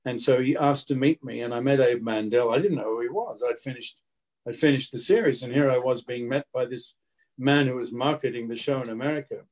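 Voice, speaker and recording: An older man with an Australian accent, a guest actor telling anecdotes in an interview in a relaxed, storytelling way. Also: medium pitch, brisk.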